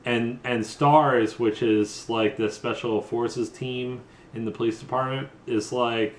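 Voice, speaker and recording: Tipsy male comic vlogger, rambling and profane, mid-pitched, echoey room with faint background noise. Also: fairly even intonation. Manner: rambling, profane, drops into quick mock voices for characters. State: tipsy from drinking. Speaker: comedy vlogger retelling a game plot. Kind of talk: loose comedic plot recap.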